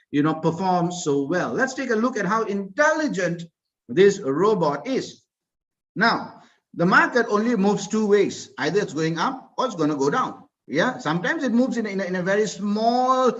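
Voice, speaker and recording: A man's voice: sits high, a bit bright. A man giving an enthusiastic live online slide presentation, repeating himself and asking the audience rhetorical questions. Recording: dull lo-fi online audio.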